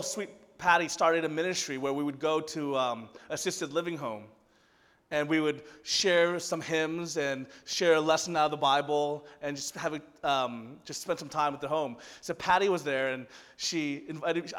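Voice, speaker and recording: A man preaching a sermon, telling a story that swings from loud excitement to hushed softness. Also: on the high side, long reverb tail. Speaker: pastor.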